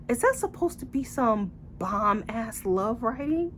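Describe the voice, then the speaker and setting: A woman's voice: fairly high pitch, measured pace, few pauses, slight background noise. A woman reviewing books in a casual vlog, blunt, profane and sarcastic, acting out the characters she quotes. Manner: animated, acts out quoted characters. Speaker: book reviewer.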